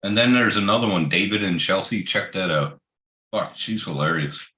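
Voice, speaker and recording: A man's voice: sits low, expressive, moderate pace, sharp tone, reverberant. A man chatting crudely on a livestream, swearing heavily and tossing in short agreeing replies. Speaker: livestream co-host. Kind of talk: casual chat.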